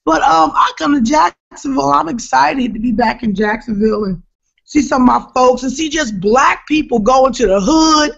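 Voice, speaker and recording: A woman comedian from New Jersey, telling an animated, emphatic story as a podcast guest. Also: high-pitched, moderate pace, creaky. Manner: animated, emphatic storyteller who shouts at the punchlines. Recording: dull lo-fi podcast recording.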